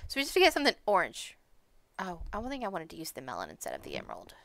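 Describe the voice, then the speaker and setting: A woman streaming Minecraft, chatting casually with herself and her chat as she plays, with sudden high yelps when startled. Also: huge pitch swings, rapid-fire, a bit bright. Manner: chatty, talks to herself and chat while playing. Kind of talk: casual gaming commentary.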